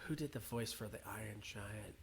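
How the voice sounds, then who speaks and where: A man's voice: lowish voice, normal speed, vocal fry, breathy edge. A man co-hosting a podcast, guessing answers, exclaiming and laughing in casual chat. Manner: animated, exclaims and laughs, asks for hints. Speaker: podcast co-host guessing singers. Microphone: headphones and microphone.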